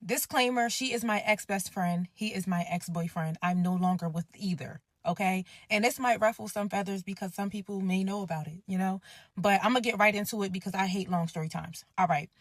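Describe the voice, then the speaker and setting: A woman's voice: mid-range voice, a little fast, no echo, clean studio sound. A woman telling a personal story in a direct, casual, no-nonsense way. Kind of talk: story time narration.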